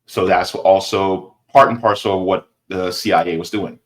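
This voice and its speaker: A man's voice: low voice, fairly even intonation, moderate pace. A man commenting on a video clip in casual political talk, emphatic and repetitive, tossing in "right?" and "baby".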